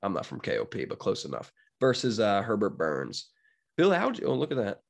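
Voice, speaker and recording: A man's voice: fairly low pitch, wildly swooping pitch, brisk, gravelly. A young man, brash and jokey, giving casual betting picks as a podcast producer. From Pennsylvania, USA. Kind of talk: casual monologue.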